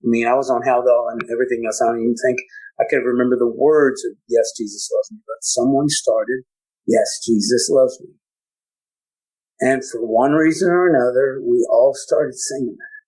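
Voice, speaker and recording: A man telling his own story as a podcast guest, halting and repeating words, at times choked up. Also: mid-range voice, fairly even intonation, darkish tone, poor audio. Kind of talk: personal storytelling.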